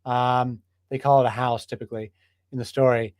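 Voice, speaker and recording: A man's voice: mid-range voice, level tone, normal speed, darkish tone, no room sound, clean studio sound. A man leading a bible study group in a casual lecture, speaking with enthusiasm and emphatic repetition. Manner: enthusiastic, emphatic, builds with repeated phrases.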